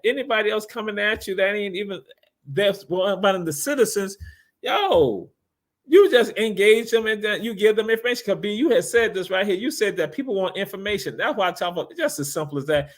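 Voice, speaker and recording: Emphatic high-voiced man. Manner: emphatic, preachy, repeats phrases. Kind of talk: casual call-in style talk.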